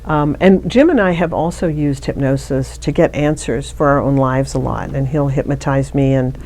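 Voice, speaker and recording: A woman's voice: a bass voice, normal speed, darkish tone. A middle-aged woman, an interview guest, telling a personal story in a chatty way with frequent restarts. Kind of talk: casual interview conversation.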